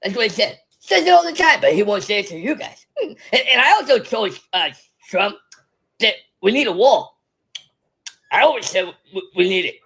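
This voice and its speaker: A performer puts on a drunk older stateswoman who stumbles through every sentence, stammering, giggling and losing her thread. The voice leaps all over the place and rings bright and sharp, with a husky, breathy edge. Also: medium pitch, very animated, moderate pace, full character voice. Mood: rambling. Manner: stammering, many false starts and giggles. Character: rambling tipsy older female politician, stammering. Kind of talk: comedic impression monologue.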